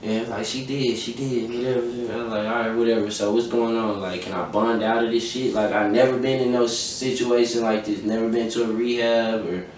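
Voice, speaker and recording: In a mid-range voice that stays fairly level, this podcast host talks a little quickly and barely pauses. He's a young man recounting his own story with lots of cursing and emphasis, quoting the dialogue in character. The audio has strong echo, distant pickup, and a faint hiss.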